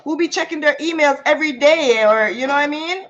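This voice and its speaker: A woman hosting a casual livestream, telling a story in an animated, chatty way and stopping to greet viewers. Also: sits high, a little fast. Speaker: livestream host. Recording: muffled lo-fi audio.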